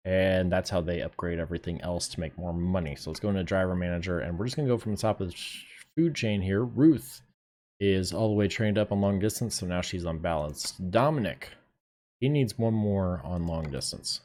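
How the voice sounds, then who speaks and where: A man's voice: low voice, a little fast, darkish tone. A man streaming a game, chatting casually to his viewers, laid-back and swearing now and then. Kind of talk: casual live gameplay commentary.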